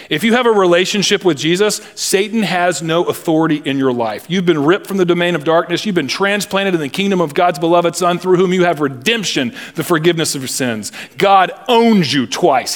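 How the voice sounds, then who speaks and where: Guy pastor preaching, emphatic, kinda high voice, cracks little jokes. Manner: emphatic, deliberate, with humorous asides. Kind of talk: sermon.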